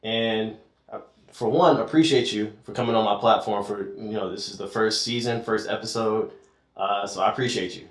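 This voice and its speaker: Man, podcast host, laid-back, slangy, lowish voice, echoey room. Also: fairly even intonation, moderate pace. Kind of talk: casual interview hosting.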